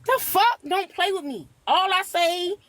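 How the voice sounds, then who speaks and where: A woman's voice: extremely high pitch, lively intonation, unhurried, fairly bright tone. A woman with a Baltimore accent, swearing and ranting defensively as a guest on a livestream panel. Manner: profane, defensive, rambling. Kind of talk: heated livestream chat.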